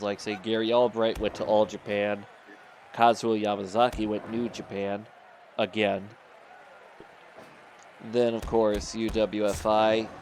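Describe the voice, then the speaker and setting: A man's voice: on the low side, slight background noise. A man chatting casually as co-commentator over a simulated wrestling game, rambling through wrestling trivia. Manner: rambling, laid-back, full of wrestling trivia.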